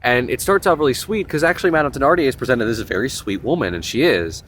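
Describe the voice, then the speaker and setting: A young man hosting a casual vlog, retelling a novel in a rambling, animated way with lots of fillers and asides. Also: medium pitch, fast talker, a little hiss or hum. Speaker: host.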